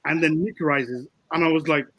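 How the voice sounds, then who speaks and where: Man, film director in an interview, slightly high voice, husky, dry close sound, relaxed and explanatory. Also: moderate pace, no echo, highs cut off. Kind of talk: casual interview talk.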